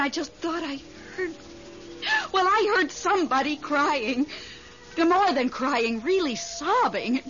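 An actress playing a fussy, jumpy widow in a radio drama, fluttery and exclamatory. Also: female voice, very high-pitched, fairly bright tone, exaggerated voice. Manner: fluttery, exclamatory, stammering when startled. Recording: dull lo-fi radio recording with faint hiss.

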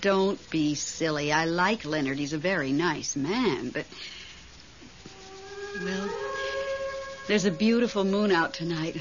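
An actress playing a fussy, jumpy widow in a radio drama, fluttery and exclamatory. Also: female voice, deep voice, big pitch swings, slow pace, pauses often, music in the background, full character voice. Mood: chatty. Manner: fluttery, exclamatory, stammering when startled. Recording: dull lo-fi radio recording with faint hiss.

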